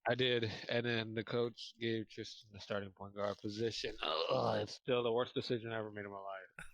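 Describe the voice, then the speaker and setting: A man's voice: lowish voice, steady tone, moderate pace, creaky, fairly bright tone, no room sound. A young man co-hosting a podcast, telling a long story in casual chat, rambling with lots of fillers and restarts while eating. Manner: eats while talking. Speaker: podcast co-host.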